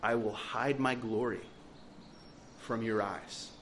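A man's voice: fairly low pitch, steady tone, slow, fairly bright tone, slight background noise. A man preaching a sermon, earnest and emphatic, asking the congregation rhetorical questions. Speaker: pastor.

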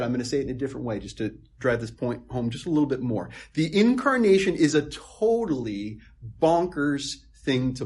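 Husky emphatic male preacher. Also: mid-range voice. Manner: emphatic, repeats words, shifts between loud stress and soft asides. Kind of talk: sermon.

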